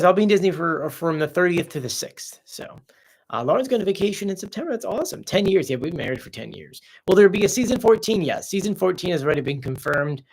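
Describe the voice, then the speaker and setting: A man's voice: sits high, creaky. A man hosting a casual live stream, chatting off the cuff as he reads out viewer comments and answers them.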